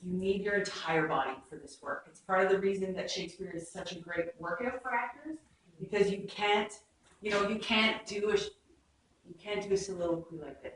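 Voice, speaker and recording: A woman's voice: medium pitch, brisk, fairly bright tone, slight background noise. A woman teaching an acting workshop, explaining Shakespeare's verse in a chatty way and acting out lines as examples. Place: rehearsal room. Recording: echoey room, far from the mic.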